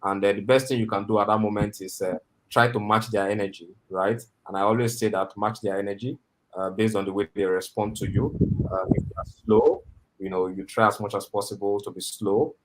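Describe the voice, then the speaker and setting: A man with a fairly low voice coaches listeners over a video call microphone. He rambles, leans on fillers like "you know", and keeps checking for agreement. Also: steady tone, fairly quick, a little hiss or hum. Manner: rambling, filler-heavy, often asks for agreement. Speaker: mentor teaching interview skills. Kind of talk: instructional talk on a video call.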